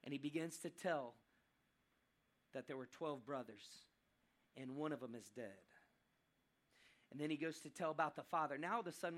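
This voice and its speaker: A man preaching a sermon, telling a story dramatically and swinging between loud and hushed passages. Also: fairly high pitch.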